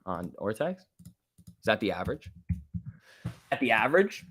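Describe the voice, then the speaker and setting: A man's voice: fairly low pitch, very animated, unhurried, fairly bright tone, dry recording, studio quality. A man hosting a live stock market stream, calling price moves and reading viewer messages in a casual, joking way. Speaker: livestream host.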